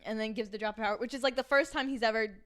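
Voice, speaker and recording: A woman's voice: on the high side, rapid-fire. A young woman co-hosting a podcast, recapping a book casually and acting out the characters' lines. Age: young adult. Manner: animated retelling, acts out lines. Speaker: podcast co-host.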